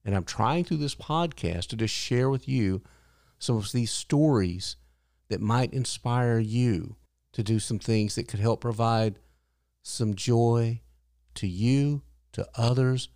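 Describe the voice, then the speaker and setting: A man's voice: medium pitch, slow, a little mellow, no echo. Older male podcast host, earnest storyteller, dry close sound. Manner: earnest, acts out quotes in a raised voice. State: widowed, grieving but hopeful. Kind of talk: personal storytelling monologue.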